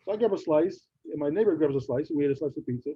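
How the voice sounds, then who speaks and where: Man, podcast co-host, quick husky delivery, higher voice, dull lo-fi recording. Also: dry recording. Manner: animated anecdote teller, mock-indignant punchlines. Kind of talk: casual storytelling chat. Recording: dull lo-fi sound.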